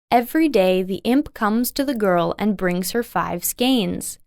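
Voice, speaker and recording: A woman's voice: mid-range voice, animated, measured pace, creaky, hardly any pauses, darkish tone, no room sound, studio quality. A woman narrating a folk tale in a simple, carefully paced storybook reading. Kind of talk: slow scripted storybook narration.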